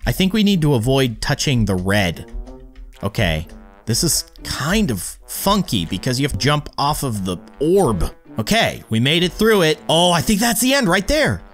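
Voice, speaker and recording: Excitable lively-voiced male gamer. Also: a little high, normal speed, faint music behind. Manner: excitable, frustrated pleading with the game; cheers on a teammate. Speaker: gaming YouTuber. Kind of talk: let's-play commentary.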